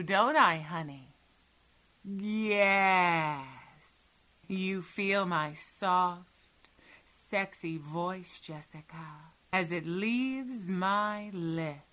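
A woman in a whispered role-play, giving soothing, commanding hypnotic instructions and often sinking into breathy whispers. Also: lowish voice, takes it slowly, sharp tone. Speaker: hypnosis audio performer.

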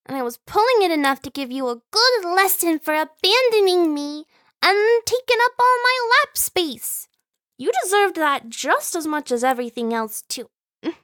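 A playful, clingy younger sister, as a woman acts her out, in a whispered role-play. Her high voice drifts slowly between soft breathy whispers and light giggles. The sound is dry and intimate, right up against the microphone. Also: no room sound, heavily acted. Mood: teasing.

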